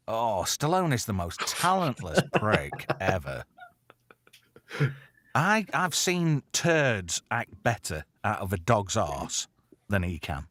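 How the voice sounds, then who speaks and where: A man's voice: fairly low pitch, very animated, slow pace, fairly bright tone, no room sound, studio quality. Brash sweary male stream host. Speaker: radio presenter and stream host. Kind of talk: casual chat.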